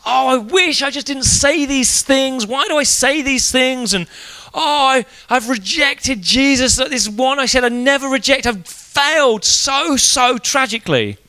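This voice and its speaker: A man's voice: very high voice, unhurried, hardly any pauses, sharp tone, dry recording, voice pushed up, exaggerated voice. A man voicing a remorseful adult man who berates himself over his failures, as an anguished inner monologue. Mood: regretful.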